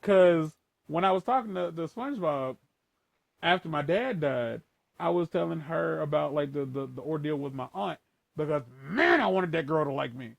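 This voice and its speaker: Brief: crude, rambling man in casual chat, gravelly and a bit high, dry close sound. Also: animated, moderate pace, dry recording. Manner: profane, rambling, switches between a higher playful voice and a lower formal one.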